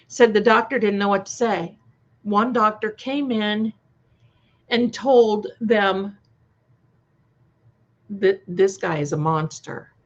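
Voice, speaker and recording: Slow chatty woman on a live stream. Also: medium pitch. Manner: slow, chatty, reacting to viewer comments with frequent restarts. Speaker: co-host of a live stream premiere chat. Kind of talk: casual live-stream chat. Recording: slightly dull lo-fi sound.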